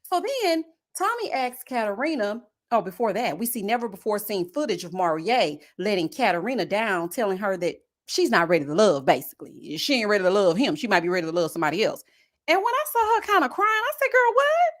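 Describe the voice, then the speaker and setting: On her reality-show review channel, this young woman does a casual live recap in a mid-range voice at a quick pace. She's full of sass and energy, dishing out shade and slang-laden asides.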